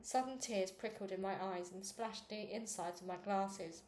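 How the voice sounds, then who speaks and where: A woman reading a children's novel aloud, with small slips and restarts, raising her pitch for the girls' quoted lines. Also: moderate pace, darkish tone. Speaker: reader. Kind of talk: read-aloud book narration. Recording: echoey room with faint noise.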